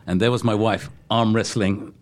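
A man's voice: lowish voice, fairly even intonation, normal speed. A man in his sixties from England with a London accent, chatting as an interview guest and telling self-deprecating stories. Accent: London English. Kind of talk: casual interview chat.

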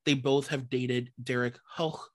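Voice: medium pitch, steady tone, a little slow. A podcast co-host chatting casually, reading gossip items and laughing often. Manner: laughs often, loose and joking, swears casually.

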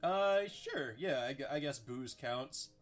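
A man's voice: mid-range voice, lively intonation, a little slow, faint music behind. A young man hosting a casual podcast chat, rambling and profane, with lots of "like". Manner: rambling, profane, heavy filler "like". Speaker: host.

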